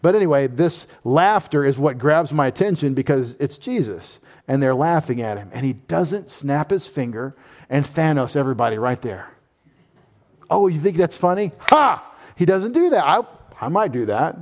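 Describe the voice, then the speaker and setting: A man preaching a sermon as pastor, with animated delivery, humorous asides and lively quoted voices. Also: mid-range voice, moderate pace.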